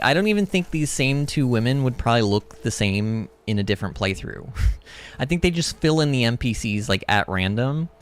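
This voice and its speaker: A man hosting a gaming livestream, chatting in a rambling, animated way, reading chat and laughing often. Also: medium pitch. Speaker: livestream host. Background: game music.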